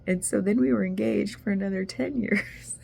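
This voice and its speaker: Casting note: woman vlogger, very gravelly, mellow tone, emotional and rambling, faint room noise. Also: mid-range voice, moderate pace. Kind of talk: casual video journal.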